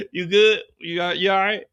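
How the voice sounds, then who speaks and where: A man's voice: high-pitched, sharp tone, clean tone, pitched above the performer's own voice, full character voice. A man voicing a desperate young woman hustling for work, stammering and pleading. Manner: stammering, pleading, repeating herself.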